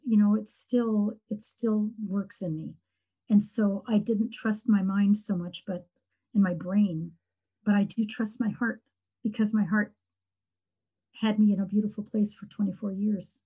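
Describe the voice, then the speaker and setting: Earnest woman with a dark, husky voice. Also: medium pitch, poor audio. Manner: earnest, reflective, halting with restarts. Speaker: guest sharing her grief story. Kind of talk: heartfelt conversation.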